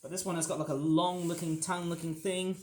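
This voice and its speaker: A man's voice: fairly high pitch, flat delivery, fast talker. A man reviewing toys in a rambling, self-mocking unboxing chat. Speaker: toy reviewer.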